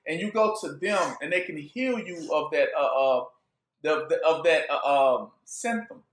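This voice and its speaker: A man teaching scripture in a loose, joking sermon with a high, lively voice that swings up and down. He asks his listeners to fill in the words, and the room around him echoes. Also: normal speed. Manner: call-and-response questions, joking, laughing. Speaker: bible teacher. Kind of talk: informal sermon.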